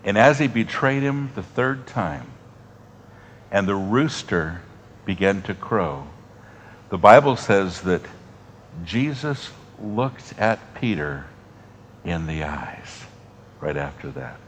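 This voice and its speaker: A man preaching a sermon to a congregation, moving from strong, raised passages down to soft, almost whispered lines with long pauses. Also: deep voice, lively intonation, slight background noise. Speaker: pastor.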